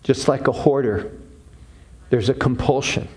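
A man preaching a sermon, defining terms one by one with deliberate, emphatic pauses. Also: mid-range voice, a little mellow. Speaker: pastor.

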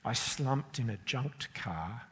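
A man reads a story aloud with deep feeling, lingering on pauses and letting his voice sink for the sad moments. His tone is husky and a bit breathy, and a long reverb hangs after each phrase, as in a large hall. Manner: expressive, emotional, with slow pauses. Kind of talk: dramatic story reading.

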